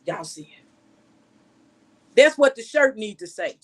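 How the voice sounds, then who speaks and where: A woman's voice: fairly high pitch, sing-song, a little slow, long pauses. A woman journalist giving outspoken, scolding news commentary full of rhetorical questions.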